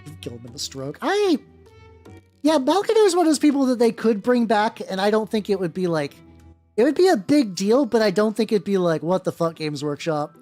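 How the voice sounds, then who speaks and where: Fairly high and very animated, her dark-toned voice moves at a brisk clip. She's a host painting during a casual stream, rambling profanely and restarting again and again, with faint background music.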